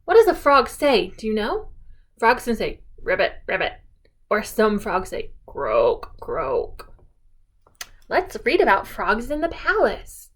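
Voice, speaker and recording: A woman telling picture-book stories to a young child in an animated, coaxing sing-song, often pausing to ask questions. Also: on the high side. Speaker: children's storyteller.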